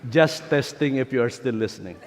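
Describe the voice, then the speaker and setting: A man, a priest, giving a sermon and retelling a story in an unhurried way, pausing with fillers. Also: medium pitch, slight background noise. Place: church. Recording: long church reverb.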